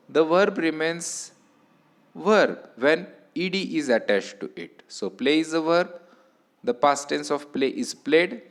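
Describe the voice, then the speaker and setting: Slow, deliberate male lecturer with Indian accent. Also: on the high side. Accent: Indian English. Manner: slow, deliberate teaching with repetitions. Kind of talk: recorded lecture.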